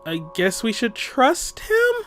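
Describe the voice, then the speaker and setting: Lively, amused male gamer. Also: extremely high pitch, slow, soft background music. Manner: amused, playful reading. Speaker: let's play host. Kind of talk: casual game commentary and reading aloud.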